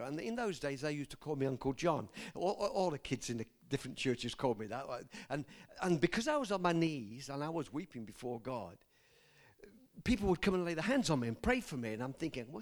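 A somewhat high-voiced man preaching his own testimony from the pulpit. His pitch rises and falls a great deal as he talks earnestly and directly to the congregation. He often stops to question them and trips over his words when he is moved. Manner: earnest, speaks straight to the congregation with asides and questions. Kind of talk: personal testimony in a sermon.

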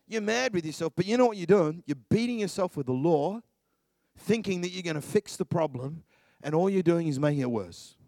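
A middle-aged man preaching a sermon with passion, swinging from hushed murmurs to shouts. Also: on the high side, animated, a little fast, no echo, clean studio sound.

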